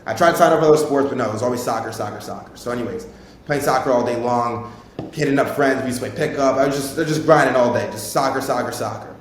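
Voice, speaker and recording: A young man in his twenties, a podcast host telling a rambling, informal personal story and swearing freely. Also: quick pace. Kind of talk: casual storytelling. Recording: very echoey room, faint rumble.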